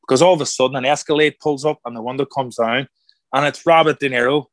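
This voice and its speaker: An animated man telling a story as an interview guest, jumping into the voices of the people he quotes. His voice sits at an ordinary middle pitch. The sound is close and dry, with no room around it. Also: fast, no echo. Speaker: guest, former boxer turned actor.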